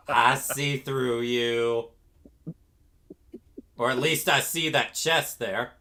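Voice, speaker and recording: A man's voice: medium pitch, fairly even intonation, drawn-out words, sharp tone. A man chatting casually on a streamed group call, joking flirtatiously and breaking into laughter.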